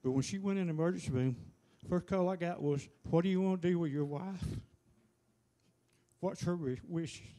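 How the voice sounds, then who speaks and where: A man giving a halting, plainspoken personal testimony to a church. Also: high-pitched, warm tone.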